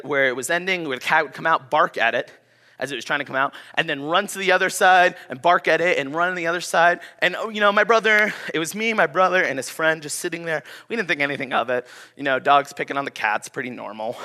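A young man preaching with a bright, forceful voice that sits a little high. He tells stories in a lively, conversational way as a pastor giving a sermon. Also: a little fast. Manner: animated, storytelling, conversational. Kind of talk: sermon with personal story.

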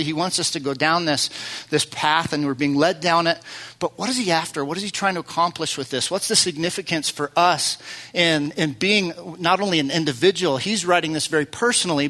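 A man's voice: a little high, sharp tone. A man preaching as pastor, telling stories in a loose, conversational way with fillers and restarts. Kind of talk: sermon.

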